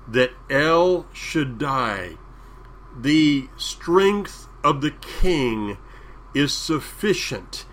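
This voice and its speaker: A man with a Southern US accent preaching a sermon, drawing out key phrases with deliberate emphasis. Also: mid-range voice, fairly bright tone.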